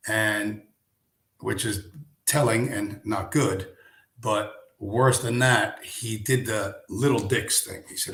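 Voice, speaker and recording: A man's voice: lowish voice, fairly even intonation, slow, fairly bright tone, roomy sound. A man hosting a live stream, ranting in a casual way, sarcastic and profane, firing off rhetorical questions.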